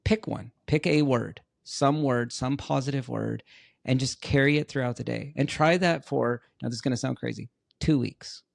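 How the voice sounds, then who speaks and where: A middle-aged man, a guest on a podcast, speaks in a mid-range voice at normal speed with a gravelly, creaky edge. In this casual interview chat he tells his stories earnestly and repeats words for emphasis. The sound is dry and close, with no room sound.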